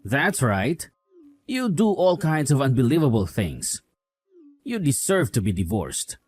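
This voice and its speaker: A man's voice: mid-range voice, huge pitch swings, unhurried, slightly rough, no room sound, faint music behind, full character voice. A man voicing a young husband who scolds his wife with contempt and sides with his mother in a voiced drama story. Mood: scolding.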